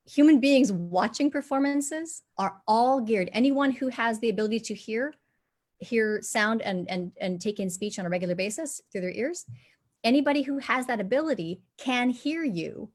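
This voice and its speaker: Woman, dialect coach, animated explainer; demonstrates accents mid-sentence. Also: a little high. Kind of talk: live panel discussion.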